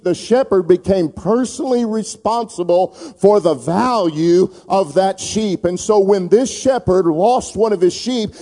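A male preacher with a high, mellow voice tells a parable in dramatic style. He calls out to the congregation to repeat lines after him. His voice rings with the long reverb of a church hall. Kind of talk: sermon.

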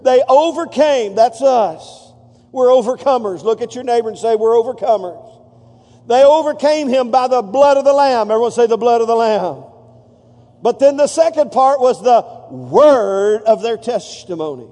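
A man's voice: extremely high pitch, animated, moderate pace, warm tone. A male pastor preaching a sermon, calling on the congregation to answer back and repeat after him. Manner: preaching with call-and-response to the congregation. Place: church sanctuary. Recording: long reverb of a large hall.

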